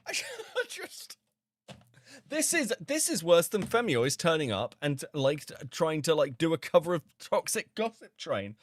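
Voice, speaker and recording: A man's voice: on the high side, big pitch swings, unhurried. A man hosting a stream, reacting to a video with exasperated, incredulous anger, swearing and laughing in disbelief. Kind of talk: angry reaction commentary.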